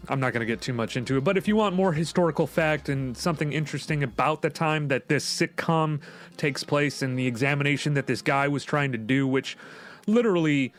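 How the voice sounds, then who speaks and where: A man's voice: fairly high pitch, brisk. Profane rambling podcast co-host man. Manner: profane, rambling, laughs often. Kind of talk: casual chat.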